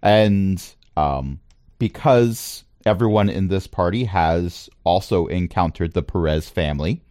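A man narrating a tabletop game as its game master, relaxed and playful, with frequent ums and asides. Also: low-pitched, unhurried, dry recording, clean studio sound.

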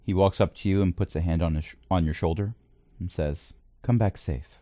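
A man running a tabletop game as game master. He narrates in a relaxed way with a lowish voice. The sound is close and dry. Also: a little fast, dry recording. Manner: relaxed narration, chuckles often.

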